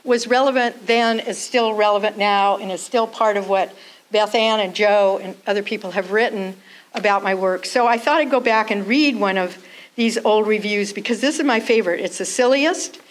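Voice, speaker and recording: A woman's voice: medium pitch, moderate pace, rough recording. A woman artist speaking to a gallery crowd, a little out of breath and nervous, reading from an old review of her work. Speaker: featured artist giving a talk. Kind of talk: reading aloud and talking about her work. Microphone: handheld mic held by someone else.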